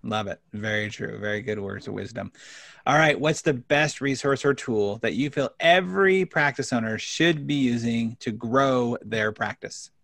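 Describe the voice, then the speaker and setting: A man hosting a business podcast interview, talking in an energetic, animated way and telling stories. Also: medium pitch, normal speed, vocal fry, no echo. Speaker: podcast host.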